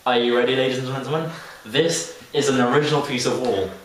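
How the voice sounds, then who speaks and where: A young man mimicking a condescending, slow-talking female museum tour guide who keeps repeating her formal address to the group. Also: mid-range voice, crowd noise, natural voice. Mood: pompous. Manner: pompous, drawn-out, repeats "ladies and gentlemen". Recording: echoey room, distant mic, faint hiss.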